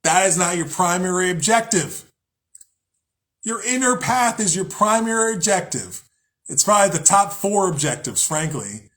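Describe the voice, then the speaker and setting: In a high-pitched, fairly bright voice, this young podcast host talks casually about spirituality. He rambles, curses a lot, laughs at his own expense, and now and then performs angry voices.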